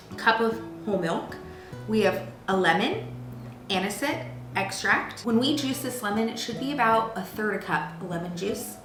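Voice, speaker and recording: A chatty woman in her thirties hosts a home cooking show and tells stories in a playful, gossipy way. Her voice carries a roomy echo from the kitchen, with music playing clearly behind her. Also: on the high side. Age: 30s. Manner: gossipy, playful storyteller with lots of fillers.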